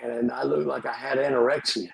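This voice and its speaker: A man's voice: mid-range voice, fairly even intonation, fairly quick, gravelly, breathy edge, rough recording. A middle-aged pastor, telling his life story as a podcast guest with humorous, wry asides.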